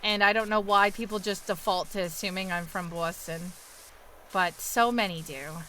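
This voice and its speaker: A young woman with a New York accent streams a game while casually chatting with her viewers and answering questions from the live chat. Her mid-range voice is a bit bright with fairly even intonation and a moderate pace, and the audio is poor with slight background noise.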